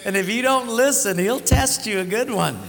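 A male pastor with a bright, forceful, slightly high voice, preaching and acting out the voices in his stories. His sermon rings through a large hall with a long reverb tail. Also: normal speed, creaky. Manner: animated storytelling, acts out quoted voices.

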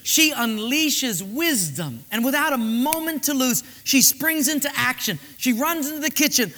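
Pastor; humorous, animated sermon delivery, echoey hall. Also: male voice, very high-pitched, normal speed. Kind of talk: sermon storytelling.

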